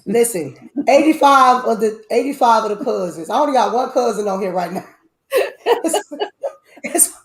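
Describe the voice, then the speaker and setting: A woman hosts a casual live stream in a slightly higher voice. She is animated, breaks into loud outbursts and repeats herself often. The room around her is echoey. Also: normal speed, long pauses. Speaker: host.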